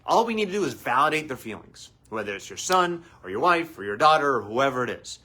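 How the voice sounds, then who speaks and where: Animated, husky-voiced male therapist. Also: medium pitch, fast talker. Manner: animated, acts out quoted voices. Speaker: family therapist host. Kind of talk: live advice talk.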